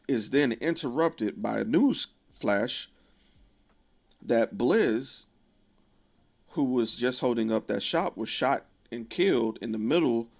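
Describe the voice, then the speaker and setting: A man with a gravelly edge to his voice walks through a film's plot in a relaxed, conversational way. He gets animated when he quotes characters, pitching his voice up for their lines. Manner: animated retelling, quoting characters with raised pitch. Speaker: video essayist. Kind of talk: casual film recap commentary.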